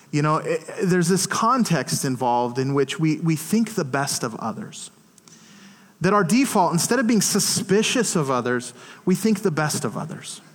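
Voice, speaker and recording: Animated male pastor in a reverberant church. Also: fairly high pitch. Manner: animated storytelling with acted-out quotes. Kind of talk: sermon.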